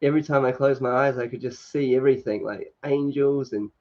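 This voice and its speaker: A man hosts a casual livestream from a sunny room at home, reading comments and chatting with lots of fillers and laughter. His voice is medium-pitched and a little fast, and the stream audio is dull and lo-fi.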